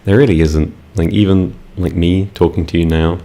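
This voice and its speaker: A man's voice: low-pitched, steady tone, moderate pace, warm tone. A young British man chatting casually with his live-stream audience, laid-back and giggly, rambling with fillers. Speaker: ASMR streamer.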